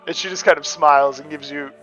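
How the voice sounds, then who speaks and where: A man's voice: on the high side, a bit bright. A man from the American Midwest running a tabletop game as game master, narrating loosely with plenty of fillers. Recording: dull lo-fi audio, faint music.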